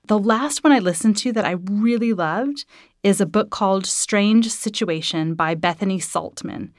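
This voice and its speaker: A woman's voice: mid-range voice, normal speed, no room sound, clean studio sound. A woman author talking casually and enthusiastically. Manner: enthusiastic, conversational. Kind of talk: casual talk.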